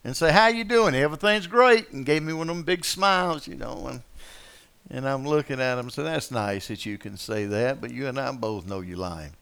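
A man preaching a sermon in a folksy, conversational way, asking his listeners questions and swinging from quiet asides to loud, passionate moments. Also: mid-range voice, lively intonation, normal speed, gravelly, clear, resonant tone. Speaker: pastor.

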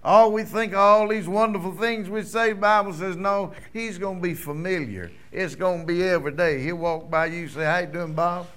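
A middle-aged pastor preaching a sermon, swinging between ringing loud declarations and hushed, almost whispered lines. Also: male voice, high voice, normal speed, few pauses.

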